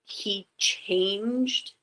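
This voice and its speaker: A woman's voice: medium pitch, very slow, fairly bright tone, poor audio. A woman guest telling a personal story in casual, candid talk, full of "like" fillers and restarts. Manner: candid and reflective. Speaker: podcast guest.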